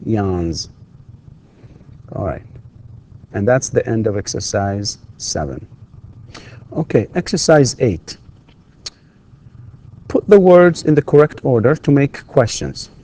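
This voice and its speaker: A male university lecturer, a native Arabic speaker, teaching English pronunciation slowly and deliberately, repeating words and pausing with fillers as he explains. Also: mid-range voice, lively intonation, warm tone, slight background noise. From Saudi Arabia. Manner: hesitant, with frequent fillers and restarts when explaining. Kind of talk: recorded lecture.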